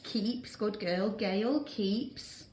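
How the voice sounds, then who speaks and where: A Northern English woman teacher reading with a young pupil, patient and encouraging, slowing down to model words. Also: medium pitch, a little mellow. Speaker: primary school teacher. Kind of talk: guided reading with a child. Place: classroom. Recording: roomy classroom with faint background noise.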